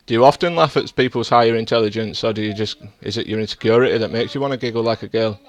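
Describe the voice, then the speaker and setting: Streaming a sim race, a man with a lowish voice talks fast in a heated in-game voice chat argument, defending himself and lecturing his rivals.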